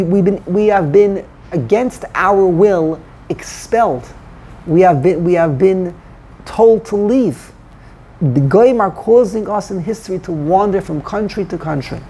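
Gravelly man teaching a Torah class. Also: high-pitched, expressive, moderate pace, mellow. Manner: explanatory, mixes Hebrew terms into English.

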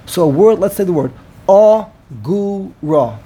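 A man's voice: sits high, lively intonation, normal speed, darkish tone, slightly rough. A man in a casual study discussion, explaining points and often repeating words as he thinks them through. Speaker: Torah study participant.

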